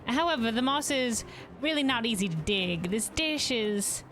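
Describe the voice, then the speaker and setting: Woman reading as a bubbly hotel cook, high and eager, proud of her food. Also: expressive, moderate pace, faint music behind. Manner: bright, eager, hospitable read-aloud. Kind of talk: reading game dialogue aloud.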